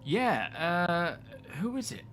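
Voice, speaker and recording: A man's voice: high voice, very animated, slow, fairly bright tone, a little hiss or hum. A man hosting a live stream, chatting casually and greeting viewers as he rambles.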